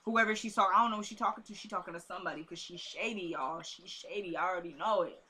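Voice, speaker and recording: A woman's voice: on the low side, quick pace, bright, forceful tone, breathy edge. A woman vlogger recapping a TV episode in casual, informal chat, repeating herself for emphasis.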